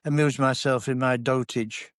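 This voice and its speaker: A man's voice: medium pitch, fairly even intonation, normal speed, no room sound. An older man with a broad Yorkshire accent tells self-deprecating anecdotes in an easy, conversational way. His voice sits in a middle register. The sound is close and dry, with no room around it. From Yorkshire, England. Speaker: guest, singer and comedian. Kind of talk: casual interview storytelling.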